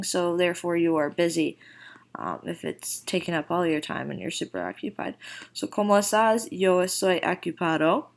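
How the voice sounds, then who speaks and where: A woman with a low, gravelly voice walks through a recorded vocabulary lesson. She explains in a casual, chatty way and then slows right down to model each phrase clearly. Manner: slow, deliberate model phrases with casual fillers. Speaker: Spanish teacher.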